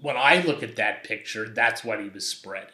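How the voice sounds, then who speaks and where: A man, a guest telling personal stories in an animated, conversational way. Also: lowish voice, moderate pace. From Brooklyn, New York. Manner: animated anecdotal storyteller, acts out quoted voices. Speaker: guest, documentary photographer. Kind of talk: conversational storytelling. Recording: roomy echo.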